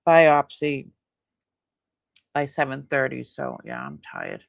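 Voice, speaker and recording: Tired, gravelly woman host chatting. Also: a bass voice, huge pitch swings, slow pace, no room sound, clean studio sound. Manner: chatty, rambling, laughs often. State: tired, yawning. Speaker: host selling antiques in a live sale. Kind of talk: casual live-stream unboxing chat.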